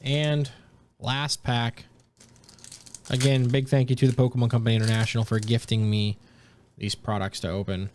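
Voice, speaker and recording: A young man giving casual, excited commentary while opening trading card packs as a streamer. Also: normal speed, pauses often, slight background noise. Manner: excited, jumps high in pitch at big pulls.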